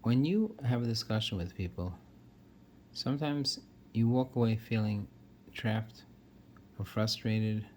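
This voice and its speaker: A man's voice: on the low side, unhurried, long pauses, darkish tone, a little hiss or hum. A man giving an earnest, casual talk that lists points one by one, with frequent restarts. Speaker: self-help speaker. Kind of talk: casual explanatory monologue.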